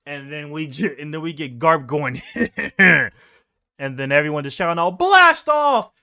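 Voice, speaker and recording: A man's voice: fairly high pitch, steady tone, a little slow, pushed and bright, clean tone. A young man casually reading through a manga chapter, rambling and correcting himself as he goes. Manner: rambling, self-correcting, chuckling. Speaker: manga reaction host.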